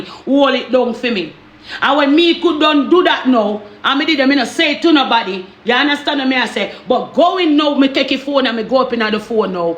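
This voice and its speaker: A Jamaican woman telling a story in casual patois, animated and repetitive, often asking the listener if they understand. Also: sits high, echoey room. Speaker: storyteller vlogger.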